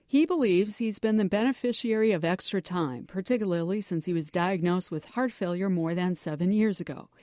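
A woman reporting a scripted radio news feature in a measured, explanatory way. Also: medium pitch, darkish tone, no echo, studio quality.

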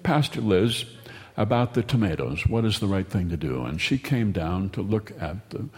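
A man's voice: on the low side, sing-song, moderate pace. Man telling a wry, rambling story. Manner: wry, meandering, stumbles and repeats words. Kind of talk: humorous storytelling monologue. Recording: long hall reverb.

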